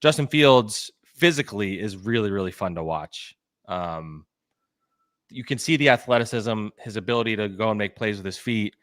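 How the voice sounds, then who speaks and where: Guy on a sports podcast, lowish voice, rambly, says like a lot, dry close mic. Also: fairly bright tone, no echo. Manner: rambling, lots of "like" and restarts. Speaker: beat reporter and podcast co-host. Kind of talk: casual sports podcast talk.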